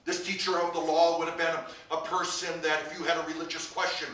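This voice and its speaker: Bright, high-ish male pastor, rhetorical-question sermon style, heard from far back in a very echoey church. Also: little pitch movement, fairly quick. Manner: asks the congregation repeated rhetorical questions. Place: church sanctuary.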